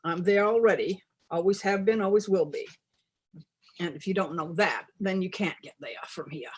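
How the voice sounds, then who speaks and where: A woman's voice: lowish voice, normal speed, husky, rough recording. A woman reading as a wisecracking New goddess. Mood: wry. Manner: blunt, teasing, plainspoken. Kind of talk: reading a humorous parody text aloud.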